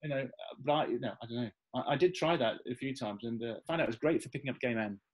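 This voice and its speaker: Speaking fast in a mid-range voice, this Midlands-accented guest from Staffordshire chats casually in an interview with eager, rambling energy, frequently starting over. Audio quality is poor.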